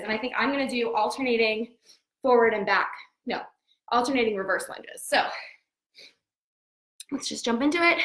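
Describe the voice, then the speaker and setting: A woman's voice: on the high side, fairly bright tone, distant mic. Winded woman coaching a home workout, echoey room. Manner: upbeat, coaching cues while exercising. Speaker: fitness coach. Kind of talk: live workout instruction.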